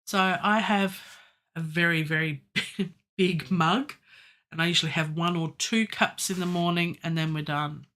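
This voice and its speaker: A woman's voice: lowish voice, fairly even intonation, a little slow, fairly bright tone. A middle-aged woman, chatting casually and digressively on a live stream from her home studio, laughing often and joking at her own expense. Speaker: musician livestreaming her songwriting. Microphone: studio microphone.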